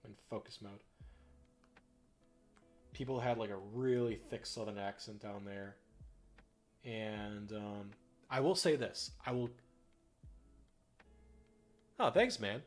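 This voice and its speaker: Young man, low voice, rambling casual stream chat, frequent swearing, faint music behind. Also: takes it slowly, pauses often. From northern United States. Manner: rambling, swears freely, many fillers. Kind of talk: casual chat while painting on a livestream.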